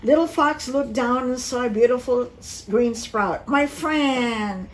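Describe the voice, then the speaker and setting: Expressive woman reading a storybook. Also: fairly high pitch, slight background noise, rough recording. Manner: expressive and slow-paced storytelling. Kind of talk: reading a picture book aloud to children.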